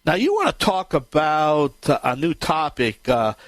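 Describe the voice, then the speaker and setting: An upbeat man hosts a radio talk program, rambling cheerfully with frequent filler words. His voice sits a little high. The sound is dry and close, with no room around it. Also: sing-song, measured pace, no echo. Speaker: radio show host.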